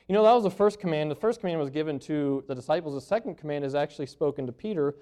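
A man preaching a sermon, swinging from loud emphatic lines to hushed ones and slowing down to stress key words. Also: a little high, expressive.

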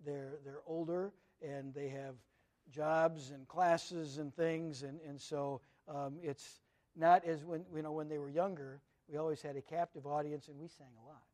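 A man's voice: a little high, steady tone, unhurried, a little mellow. A middle-aged man, a pastor, giving an earnest, conversational sermon that mixes personal stories with teaching.

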